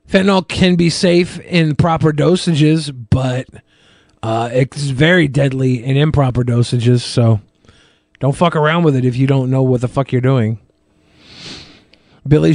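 A man with a slightly high voice hosts a live podcast and answers viewer questions. He swears constantly and sounds exasperated. The sound is dry, with no room echo. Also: darkish tone. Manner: profane and exasperated. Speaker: podcast host.

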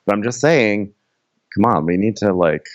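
A man's voice: normal speed, highs cut off, a crowd in the background. A man co-hosting a podcast, recapping a reality show in casual, jokey chat and acting out the people in it. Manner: jokey, acts out cast members in high silly voices. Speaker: podcast co-host.

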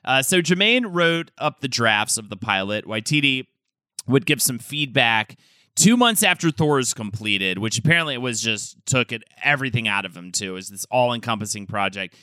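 Bright, crisp man on a dry mic. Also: mid-range voice, dry recording. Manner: lively storyteller, quick asides. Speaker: podcast co-host. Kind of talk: casual chat.

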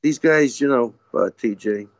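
A man co-hosting a casual sports talk show, easygoing and quick to agree. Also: mid-range voice, no echo, highs cut off. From US East Coast. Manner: easygoing, agreeable, short replies. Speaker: podcast co-host.

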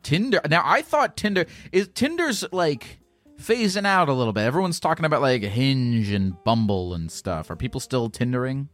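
A man's voice: medium pitch, expressive, fairly bright tone, faint music behind. A man hosting a call-in podcast, talking casually with frequent restarts and fillers. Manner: halting, with many restarts and fillers. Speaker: podcast host.

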